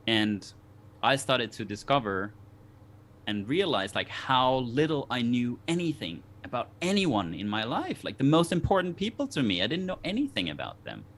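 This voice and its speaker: A man's voice: mid-range voice, huge pitch swings, normal speed, fairly bright tone. A man from Denmark, a guest on a talk show, telling a personal story in an earnest, reflective way with many restarts.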